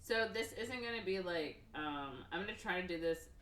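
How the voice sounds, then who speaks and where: Woman, casual podcast chat, fillers galore, lowish voice, echoey room. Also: lively intonation, normal speed, a bit bright, slight background noise. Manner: rambling retelling with lots of fillers and acted-out quotes. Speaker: podcast co-host recapping a film.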